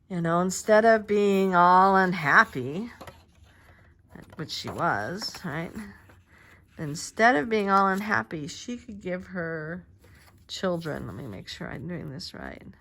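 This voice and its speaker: An older woman chatting in a meandering way while she crafts at home, with lots of fillers and restarts. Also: fairly low pitch. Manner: soft-spoken, drops to murmurs while working. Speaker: crafting vlogger. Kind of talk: casual chat while crafting. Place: quiet home craft space.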